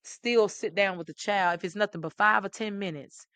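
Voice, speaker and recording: A middle-aged woman host, talking with animated, preachy emphasis and repeating phrases. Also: mid-range voice, moderate pace, hardly any pauses, clean tone, no echo. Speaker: talk show host. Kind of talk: impassioned commentary to camera.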